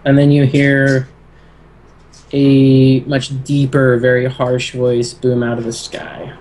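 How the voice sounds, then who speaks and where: A man narrating a tabletop role-playing game as game master, halting with many fillers. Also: medium pitch, monotone, a little mellow.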